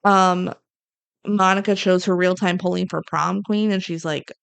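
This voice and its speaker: Young female podcast co-host, fry-heavy voice, casual movie recapper who quotes the characters. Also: fairly low pitch, steady tone, fairly bright tone. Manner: retells scenes with quick acted-out quotes.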